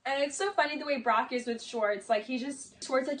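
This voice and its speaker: A high-pitched woman talking loosely and fast-flowing, peppering everything with "like" and snarky asides. She sits a little back from the mic, so her voice carries some distance. It sounds like a casual video essay commentary. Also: fairly bright tone. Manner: chatty, many "like"s, mocking asides.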